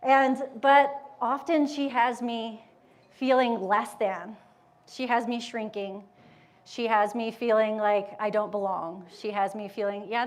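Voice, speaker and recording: Here a yoga educator and motivational speaker addresses an audience in person, her voice sitting at a medium pitch. She's an adult mother of school-age children who keeps things lively and conversational, asking the room questions and acting out inner voices with quick, animated quotes.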